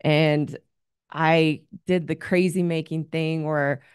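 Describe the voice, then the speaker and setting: Woman relationship coach, low voice, earnest advice monologue, dry close sound. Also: steady tone, slow pace, a little mellow, clear, resonant tone, no echo.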